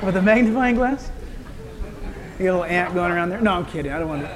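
A man's voice: sits high, expressive, fast, crowd noise, background noise. A man preaching a sermon as pastor, folksy and conversational, with asides to the congregation.

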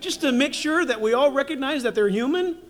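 A man's voice: extremely high pitch, expressive, a little fast, a bit bright. A man preaching a sermon as pastor, telling stories animatedly with humorous asides.

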